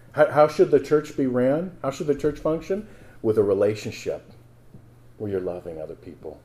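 A man's voice: lowish voice, mellow. A man preaching a sermon to his church as pastor, talking casually to the congregation and rising to emphatic scripture reading.

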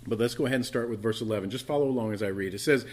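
A man's voice: mid-range voice, rapid-fire. Emphatic man preaching a sermon. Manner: emphatic, asks the congregation questions. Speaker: pastor.

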